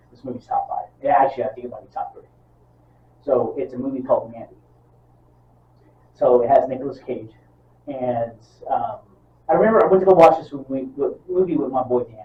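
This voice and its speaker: A man's voice: medium pitch, a little fast, far from the mic. A man co-hosting a podcast in casual chat, swearing a lot and acting out movie scenes as he retells them. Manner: profane, animated, acts out movie scenes. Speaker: podcast co-host. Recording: roomy, off-mic, dull sound.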